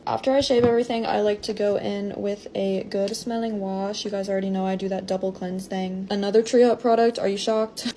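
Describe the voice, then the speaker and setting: Gushing woman, mellow tone, casual beauty vlogger, faint background hiss. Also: medium pitch. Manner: enthusiastic, gushing, conversational. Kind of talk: casual beauty routine vlog.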